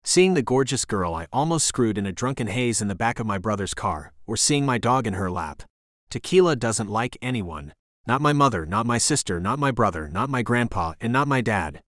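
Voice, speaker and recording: A man narrating a first-person romance audiobook in a measured storytelling manner, on a close studio mic. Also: mid-range voice, expressive, a bit bright, dry recording.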